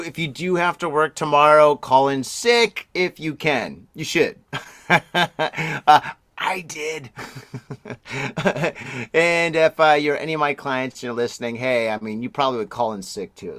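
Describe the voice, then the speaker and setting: A man's voice: a little high, a little slow, fairly bright tone, no room sound. Chatty, rambling man with a dry close sound. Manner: rambling, chatty, exclaims and laughs often. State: recovering from strep throat, voice a bit deeper. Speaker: podcast host. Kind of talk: casual podcast chat.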